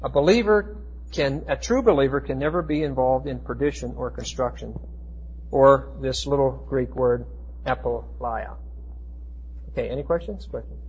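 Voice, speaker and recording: A man teaching a Bible class, explaining Greek words with emphatic, slowed stress and frequent restarts. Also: mid-range voice, darkish tone, slightly rough. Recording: dull lo-fi recording.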